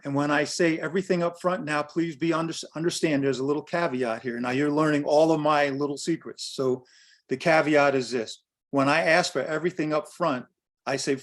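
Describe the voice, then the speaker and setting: A man's voice: on the high side, steady tone, brisk. A man in his sixties giving a workshop as a business coach, emphatic and direct, repeating his key phrases. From United States. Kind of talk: workshop talk on pricing.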